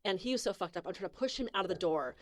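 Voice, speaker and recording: Brief: woman podcast co-host, quick, animated storyteller, salty language, dry studio sound. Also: mid-range voice, no echo. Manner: animated storyteller, swears freely. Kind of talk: casual chat, storytelling.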